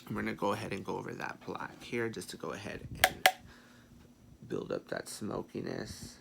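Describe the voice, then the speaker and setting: Sassy gravelly-voiced man doing makeup. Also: low-pitched, very animated, moderate pace, heavy background noise. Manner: sassy, chatty, swears playfully, frequent quiet muttered asides. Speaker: makeup vlogger. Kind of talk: makeup tutorial chat.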